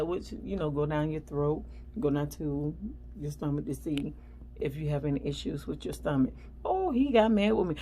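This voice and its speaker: A woman's voice: low-pitched, normal speed, husky, rough recording. A woman vlogger chatting casually and animatedly as she tells a story. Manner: chatty, animated, acts out the people in her story.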